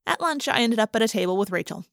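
A woman narrating a first-person audiobook in a brisk, expressive way. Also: on the high side, gravelly, no room sound, studio quality.

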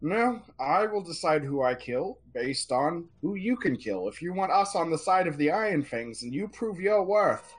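A haughty lizard-folk oracle queen, put on by a man, speaking well above his own pitch and with extra force. She hands down commands as if every word is final. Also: expressive, moderate pace, hardly any pauses, husky. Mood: defiant. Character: proud female lizard-folk oracle leader.

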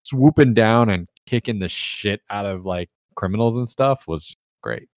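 A man's voice: lowish voice, a little slow, no echo, clean studio sound. A young man hosting a casual group chat, loose and full of fillers. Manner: loose, swearing, filler-heavy. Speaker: host asking the group.

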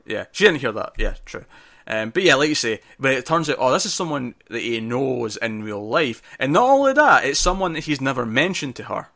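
A man talking films in casual conversation, his voice bright and forward, and he keeps cutting in with eager restarts. He sounds lively and keen to make his point. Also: medium pitch, brisk, vocal fry. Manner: animated, jumps in often, stumbles and restarts. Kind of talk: casual film discussion.

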